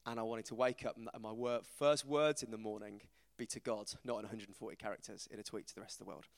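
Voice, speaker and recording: A man, giving an informal, self-deprecating talk to a church group, animated as he tells stories. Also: fairly low pitch, quick pace, gravelly. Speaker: preacher. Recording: reverberant hall.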